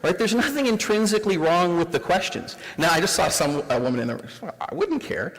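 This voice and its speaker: A man's voice: high voice, big pitch swings, fast talker. A Canadian man in his forties giving a live diversity workshop, engaging the audience with rhetorical questions. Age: 40s. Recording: reverberant room sound.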